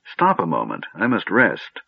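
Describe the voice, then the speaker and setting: A man voicing a weary, stern old male wizard who speaks gravely and with authority. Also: deep voice, wildly swooping pitch, unhurried, no echo, full character voice. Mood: tired gentle. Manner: grave, commanding, then gentle. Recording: dry, tinny phone-like audio.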